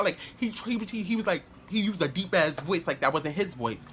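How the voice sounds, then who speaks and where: A man's voice: high-pitched, animated, a little fast, few pauses, a bit bright, slight background noise. A man telling a story to camera in a casual vlog, rambling with lots of "like" fillers, restarts and swearing. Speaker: vlogger.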